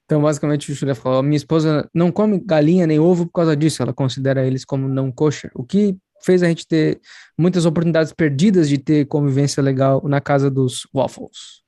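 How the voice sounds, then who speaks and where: A Brazilian man interpreting live into Portuguese, quickly relaying what the speaker says. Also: a little high, fairly even intonation, warm tone, dry recording, clean studio sound. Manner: rapid, relaying others' words.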